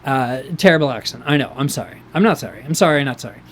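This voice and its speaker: A man reviewing a wrestling show in casual chat, excitable and rambling, with many fillers and restarts. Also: medium pitch, fast, a little hiss or hum.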